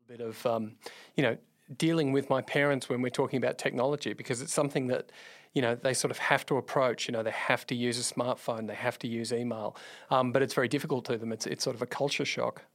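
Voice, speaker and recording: A man hosting a podcast interview, giving short acknowledgements and relaxed follow-up questions. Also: medium pitch, fast talker. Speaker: podcast host. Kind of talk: casual interview chat.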